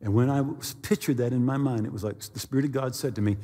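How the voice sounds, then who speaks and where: A man's voice: mid-range voice, fast, few pauses, mellow. A middle-aged man preaching a sermon, telling a personal story with sound effects and acted quotes. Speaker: pastor. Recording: long hall reverb.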